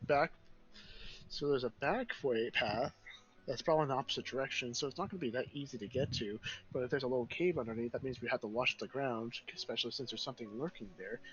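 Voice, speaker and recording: A man voicing an excitable young royal third heir who rambles and corrects himself mid-sentence. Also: mid-range voice, highs cut off, lightly acted.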